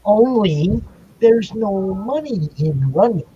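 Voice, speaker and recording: A man's voice: high-pitched, animated, slow, warm tone. An older man hosting a comic talk show, chatting casually and rambling with restarts. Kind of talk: casual chat. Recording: muffled stream audio with faint noise.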